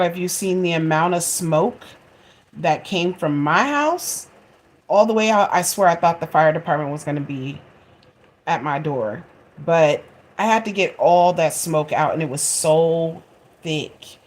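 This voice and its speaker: A woman in her forties telling a funny home story to her viewers in a chatty, expressive way and laughing at herself. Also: low-pitched, measured pace. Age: 40s. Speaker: vlogger. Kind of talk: casual storytelling to camera.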